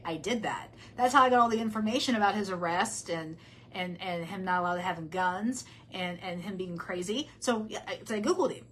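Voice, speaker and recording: A woman's voice: medium pitch, a little fast, slight background noise, low-quality recording. A woman hosting a true crime channel, giving casual commentary as she reads messages aloud, blunt and heated as she talks back to the person she discusses.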